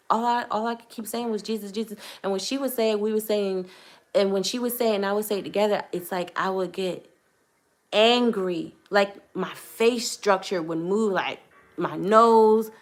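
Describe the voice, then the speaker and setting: A young woman vlogger telling a personal testimony to camera in an earnest, hesitant way, choosing her words carefully. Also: medium pitch.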